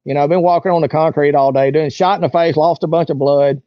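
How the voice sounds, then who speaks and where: A man's voice: on the high side, fairly even intonation, fast talker, no echo. A man, telling a story as an interview guest and acting out what people said. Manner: acts out quoted voices while telling a story. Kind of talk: casual storytelling. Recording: dull dry lo-fi sound.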